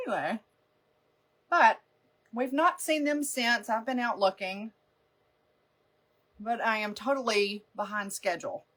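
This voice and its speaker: Chatty woman with a higher voice. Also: fairly bright tone. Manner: rambling, chatty storyteller who laughs often. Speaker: makeup seller hosting a live stream. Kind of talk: casual live-stream chat.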